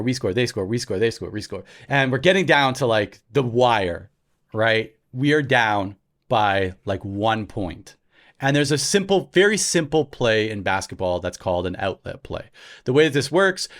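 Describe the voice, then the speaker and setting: A man, a podcast host telling a story in a lively way and laughing often as he goes. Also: medium pitch. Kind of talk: casual storytelling.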